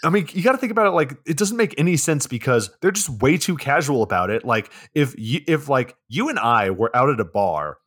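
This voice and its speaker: Casual movie-review guy, animated and profane, voice bounces all over. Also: mid-range voice, a little fast, hardly any pauses. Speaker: podcast co-host.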